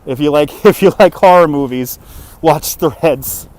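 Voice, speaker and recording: Male livestreamer on a walking city stream, unhurried delivery, chats to viewers, laughs often, phone mic. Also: on the high side, darkish tone. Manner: chatty, laughs often, talks to viewers and himself. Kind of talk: live walking stream commentary. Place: city street and indoor market. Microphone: phone on a handheld gimbal.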